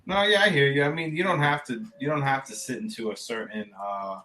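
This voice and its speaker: A man's voice: mid-range voice, fairly quick, sharp tone, a little hiss or hum. A man co-hosting a podcast, speaking casually and asking direct questions. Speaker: podcast co-host.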